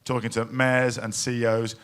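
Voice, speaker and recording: A man's voice: mid-range voice, flat delivery, moderate pace, a bit bright, clear, resonant tone. Emotional man speaking at a live event. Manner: emotional, anecdotal, full of restarts. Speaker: panel speaker at a climate event. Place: event pavilion hall.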